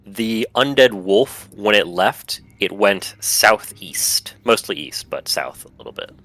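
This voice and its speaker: A man's voice: on the low side, animated, slow pace, a bit bright, no room sound, faint music behind. A man running a tabletop game as game master, narrating events plainly.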